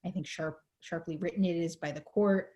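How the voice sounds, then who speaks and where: A woman on a video call explaining a legal case in a panel talk, measured, with many fillers, her voice going hoarse. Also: fairly low pitch, steady tone, a little mellow. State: losing her voice. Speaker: legal advocate in a panel discussion.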